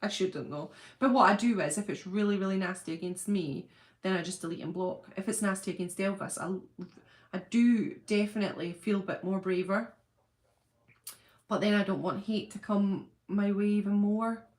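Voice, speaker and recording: A woman's voice: medium pitch, normal speed, a little mellow. A middle-aged woman hosting a casual livestream, chatting and laughing as she greets viewers by name. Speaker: channel host. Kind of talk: casual livestream chat reading viewer comments.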